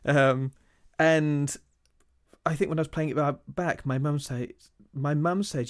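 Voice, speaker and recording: A man's voice: a little high, steady tone, measured pace. A man from Britain chatting enthusiastically, acting out little quotes of his own reactions. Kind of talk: casual chat.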